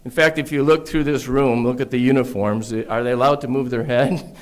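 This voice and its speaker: A man's voice: medium pitch, steady tone, normal speed. A man giving a ceremonial graduation address to a police academy class in a large room, speaking at a podium mic with earnest storytelling, emphatic repetition and wry asides. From Michigan, United States. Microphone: podium microphone.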